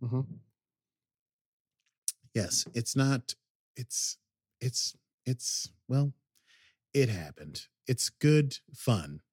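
A man of middle pitch talks casually through a story recap, wandering off track and circling back with plenty of ums and half-finished phrases. His voice sits close and dry, with no room sound around it. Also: sing-song, drawn-out words, pauses often, darkish tone, slightly rough, dry recording. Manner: rambling, hesitant, many ums and restarts. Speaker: podcast host.

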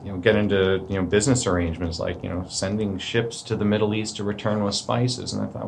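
Canadian man, lawyer type, very low-pitched, casual explainer tone, slight background noise. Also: level tone, quick pace, creaky, hardly any pauses. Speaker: corporate lawyer. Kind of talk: explanatory podcast conversation.

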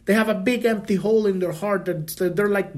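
High-voiced man giving a spiritual talk. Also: brisk, a little mellow. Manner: casual, swears freely, many restarts. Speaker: podcast host.

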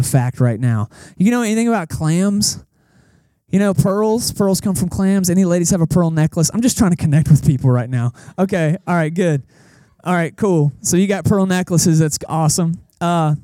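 A man's voice: on the high side, mellow, no echo. A young man preaching a casual sermon as pastor, joking and talking straight to the congregation. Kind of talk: conversational sermon. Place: church service held in a cinema.

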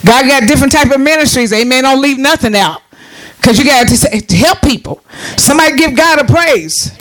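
A man preaching a sermon, calling out to the congregation for responses and rising into shouts. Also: very high voice, expressive, fairly quick.

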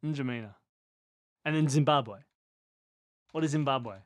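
A podcast co-host in casual chat, quizzing themselves on capitals in a playful, think-aloud way that swings between loud and murmured. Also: medium pitch, a little slow, no echo.

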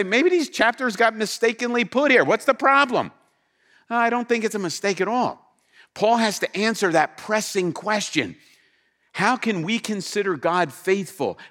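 A man preaching a sermon to a congregation, animated and emphatic, acting out the scripture he quotes. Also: sits high. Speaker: pastor. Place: church with slides.

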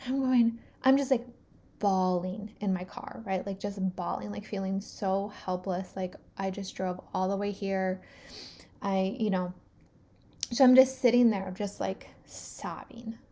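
Woman, 30s, mellow voice, storytelling host who acts out the quotes. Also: medium pitch, unhurried. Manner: animated, filler-heavy retelling with acted-out quotes. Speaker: podcast host. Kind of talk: personal storytelling.

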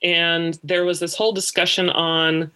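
Bright-voiced guy telling a story on a podcast, swears a lot, gets loud and fired up. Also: unhurried, slight background noise, poor audio. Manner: animated, profane, acts out quoted dialogue with rising pitch. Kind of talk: casual chat, storytelling.

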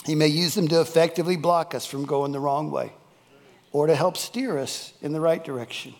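A man's voice: on the high side, brisk, darkish tone, long reverb tail. A male pastor, preaching a folksy, emphatic sermon and repeating key phrases for weight. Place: church worship service.

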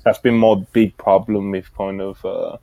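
A man's voice: deep voice, steady tone, unhurried, vocal fry, mellow. A man hosting a podcast, casually recapping wrestling in a rambling way, with laughs and restarts. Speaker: podcast host. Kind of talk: casual wrestling review chat.

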